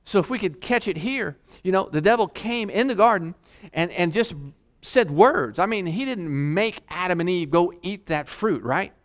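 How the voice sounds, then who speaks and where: A man preaching a sermon in an exhorting way, restarting often and slowing down to read scripture aloud. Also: high-pitched, expressive. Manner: exhorting, repeats words, reads scripture slowly.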